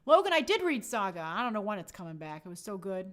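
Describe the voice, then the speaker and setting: A woman's voice: mid-range voice, sing-song, quick pace, a bit bright. A young woman hosting a casual livestream, chatting and answering viewer comments with a sarcastic edge. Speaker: host answering live chat.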